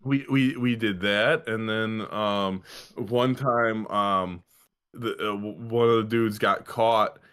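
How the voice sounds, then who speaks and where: A man co-hosting a podcast in casual chat, laid-back and halting with fillers. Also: fairly low pitch, steady tone, fairly bright tone, clean tone. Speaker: podcast co-host. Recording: noisy background.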